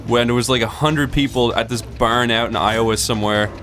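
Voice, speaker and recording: A man telling a story in casual gaming chat, deadpan, acting out the people in it. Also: mid-range voice, a little fast, faint music behind. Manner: deadpan storyteller, acts out quoted voices. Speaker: let's play co-host.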